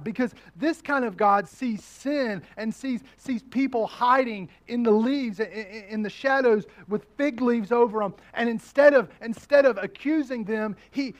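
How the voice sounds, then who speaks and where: Male pastor, high voice, preaching cadence with rising repeated questions and hushed drops. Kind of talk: sermon.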